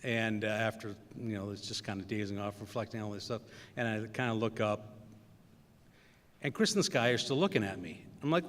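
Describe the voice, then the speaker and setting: A man's voice: fairly low pitch, a little fast, a bit bright, a little hiss or hum. A middle-aged man, giving a commencement speech full of self-deprecating, anecdotal storytelling and many fillers. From Wisconsin. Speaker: commencement guest speaker. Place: school ceremony hall. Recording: echoey hall reverb.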